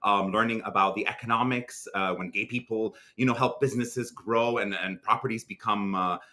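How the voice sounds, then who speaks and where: With a lowish voice and a moderate pace, a young adult Lebanese man talks as an interview guest. His Lebanese accent is clear, and his speech is lively and relaxed, full of fillers and restarts.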